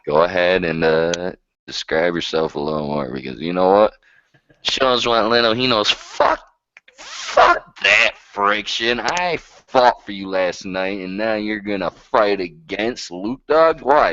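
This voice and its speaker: A man's voice: lowish voice, fairly bright tone. A man co-hosting a live stream, ranting in brash, profane banter. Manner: brash, ranting, swears constantly. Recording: lo-fi stream audio with faint hiss.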